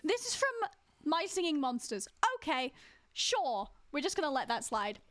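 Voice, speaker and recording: A woman's voice: high voice, big pitch swings, moderate pace, a bit bright. A woman streaming a game live, chatting casually with viewers and teasing them as she plays. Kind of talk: casual live-stream chat while playing.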